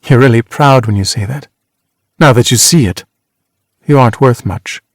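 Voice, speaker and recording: A man voicing a worldly former actress, a woman with a brisk, teasing, cutting way of talking, in an audiobook reading. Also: mid-range voice, dry recording, studio quality, lightly acted.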